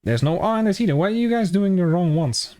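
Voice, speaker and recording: Dutch-accented young man streaming, fairly high voice. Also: lively intonation, fast talker, mellow. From Netherlands. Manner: jokey, swears freely, chats with viewers. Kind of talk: casual live-stream chat.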